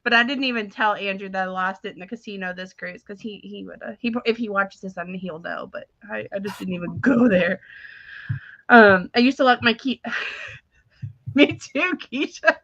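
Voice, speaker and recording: A young woman co-hosting a casual chat, telling animated stories with frequent laughs. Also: mid-range voice, moderate pace, dry recording, highs cut off. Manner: animated storytelling, laughs often, acts out quotes. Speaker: podcast co-host.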